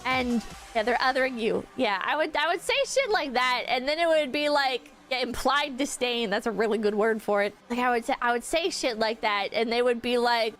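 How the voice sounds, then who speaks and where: Young female streamer, high-pitched, loose rambling delivery with frequent fillers; soft music bed. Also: brisk. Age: young adult. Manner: rambling, frank, swears often, many fillers. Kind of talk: casual stream chat.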